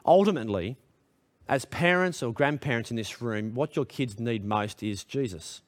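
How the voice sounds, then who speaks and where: A man preaching a sermon to a congregation in a church hall, earnest and direct, putting questions to his listeners. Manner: earnest, direct questions to the congregation, pitch rising when emphatic. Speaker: pastor.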